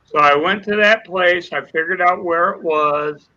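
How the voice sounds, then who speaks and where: An older man recounts a life-changing moment, earnest and emotional, playing every part in the dialogue himself. His voice is bright and sits fairly high. The audio comes over a dull, lo-fi video call. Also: measured pace. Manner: earnest storyteller acting out dialogue. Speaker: guest. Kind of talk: emotional personal testimony.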